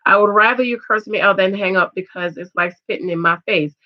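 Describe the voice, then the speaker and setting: Loud, emphatic middle-aged woman vlogger. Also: mid-range voice, fairly quick, lo-fi sound. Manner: loud, emphatic, talks back to viewers. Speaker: vlogger reviewing a reality show. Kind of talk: casual commentary reading comments.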